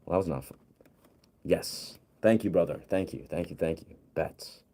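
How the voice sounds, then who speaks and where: A man's voice: deep voice, moderate pace, warm tone. A man streaming as a music producer, talking casually to himself and his chat while troubleshooting his setup.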